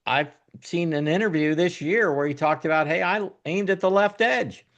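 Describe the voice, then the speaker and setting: A man's voice: on the high side, moderate pace, fairly bright tone. Man hosting, slightly dull lo-fi sound. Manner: leads with long setups, then asks questions. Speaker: podcast host. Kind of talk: casual interview conversation.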